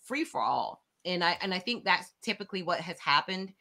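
A woman author and college professor, a guest in an interview, telling stories in a lively way and acting out the voices of other people. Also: on the low side, fairly quick, creaky. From outside the United States. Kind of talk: animated interview conversation. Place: home, video call.

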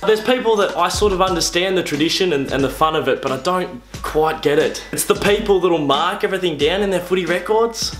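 A young man with an Australian accent, mocking sports fans in a comedic vlog monologue with exasperated, quick-fire delivery. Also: sits high, roomy sound. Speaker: comedy vlogger.

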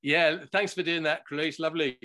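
A man recording engineer talking in a relaxed, chatty interview, laughing often and using many fillers, over a video call. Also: a little high, a little fast. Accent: none regional, no Scottish accent. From born in Gibraltar, grew up worldwide.

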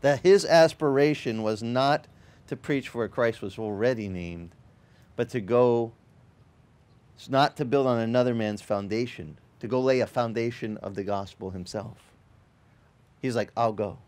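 Middle-aged male pastor, casual, animated storyteller, mid-pitched voice. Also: measured pace. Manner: animated and chatty, acts out other people's lines. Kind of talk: storytelling sermon.

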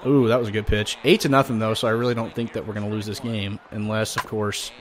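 A man commentating his own baseball video game play casually, joking and swinging from low muttering to sudden loud outbursts. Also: little pitch movement, fast talker. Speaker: gaming commentator.

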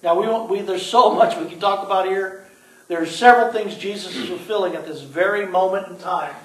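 Male preacher, high-pitched, call-and-response sermon, playful asides, far from the mic. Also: brisk. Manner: lively, prompts the congregation to answer, joking asides. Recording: echoey room, voice from a distance.

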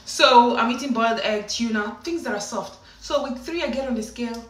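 A woman telling a story casually to camera in an animated way, often slipping into acted voices. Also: a little high, fairly quick. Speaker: vlogger. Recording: echoey room, distant from the mic.

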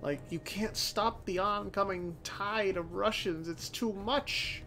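A man giving casual, unscripted let's-play commentary as the channel host, swearing freely, thinking out loud and often restarting his sentences. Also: sits high, slow pace. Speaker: host of a strategy game channel. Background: faint background music.

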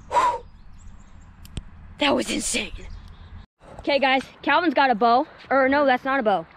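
A woman vlogging while fishing outdoors at a lake, excitable and keeps calling out to viewers. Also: sits high, measured pace, long pauses, slight background noise. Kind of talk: excited outdoor vlog commentary. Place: outdoors at a lakeshore.

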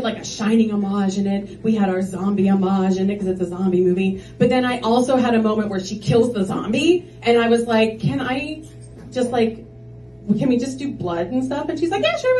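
A woman doing a stand-up comedy set on a club stage, chatty and rambling with lots of filler words. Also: on the high side. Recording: roomy club from a distance, loud crowd.

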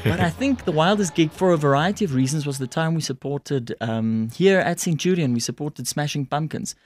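A man's voice: fairly high pitch, lively intonation, brisk, slight background noise. A man, a musician guest telling stories in casual interview chat and switching between languages.

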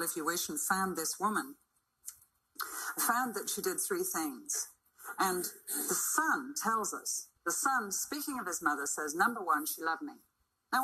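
Older lady preaching, husky bright voice, lots of emphatic swoops and punchy lines. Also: low-quality recording. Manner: emphatic, dramatic swings in pitch and loudness. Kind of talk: sermon.

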